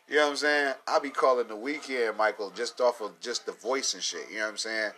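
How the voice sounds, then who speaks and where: A man's voice: mid-range voice, a little fast, pushed and bright, slightly rough. A man talking in a casual, rambling monologue, swearing freely, laughing often and leaning on fillers. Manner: profane, loose, laughs often, many fillers. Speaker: commentator.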